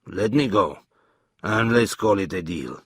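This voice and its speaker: A man voicing a cold, dangerous middle-aged assassin in a storybook reading, speaking low and hushed. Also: expressive, measured pace, vocal fry, husky, dry recording, clean studio sound, full character voice. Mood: bargaining.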